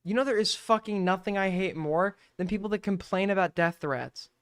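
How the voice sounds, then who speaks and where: A man's voice: high-pitched, brisk, clean tone. Rambling, mocking male streamer. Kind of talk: casual reaction stream commentary.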